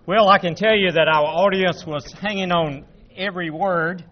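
A man's voice: high-pitched, steady tone, slight background noise. An older man thanking the speaker and introducing questions politely, with small hesitations. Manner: polite, halting with uhs. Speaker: club host. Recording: dull lo-fi audio.

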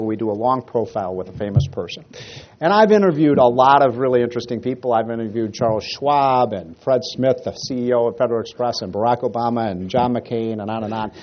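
Joking male speaker, slightly dull sound. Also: medium pitch. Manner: joking, storytelling, many fillers and restarts. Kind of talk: after-dinner speech.

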